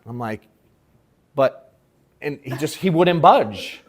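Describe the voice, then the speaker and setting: A man holding forth to a workshop crowd with a loose, slangy storytelling style, swearing freely. He acts out what people said to him with animated quotes. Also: fairly high pitch, takes it slowly, breathy edge. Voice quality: slangy and profane, animated retelling with acted quotes. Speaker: sales coach speaking at a workshop. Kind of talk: casual storytelling to a live audience. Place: event room at an in-person workshop.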